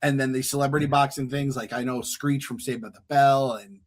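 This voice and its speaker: A man co-hosting a podcast, recapping TV episodes in casual chat, animated and jokey, often swearing. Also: medium pitch, brisk. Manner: swears freely, jokey asides. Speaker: podcast co-host.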